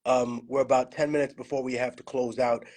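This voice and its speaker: A man's voice: mid-range voice, little pitch movement, a little fast, darkish tone. A man hosting a casual livestream from his home studio, talking over a phone with a loose, profane storytelling manner, slurring at times from a bad connection. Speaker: livestream host.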